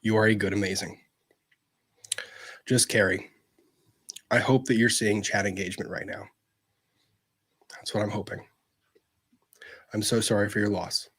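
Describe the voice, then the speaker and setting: A man hosting a livestream, chatting casually and gently as he answers viewer messages, with plenty of fillers and restarts. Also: on the low side, slightly rough.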